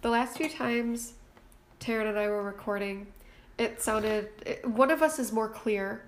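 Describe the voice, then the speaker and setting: A woman with a fairly high voice co-hosts a casual podcast at a measured pace from a room at home with her sisters. Allergies leave her stuffy, so her voice sounds nasal and congested, and she laughs often and swears casually.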